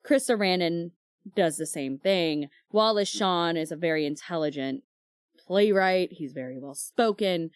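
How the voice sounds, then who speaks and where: A woman's voice: on the low side, a little slow, clear, resonant tone, dry recording, clean studio sound. A woman co-hosting a book club podcast, telling stories in casual chat with lots of fillers and acted-out quotes. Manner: chatty storyteller, many fillers, acts out quoted dialogue.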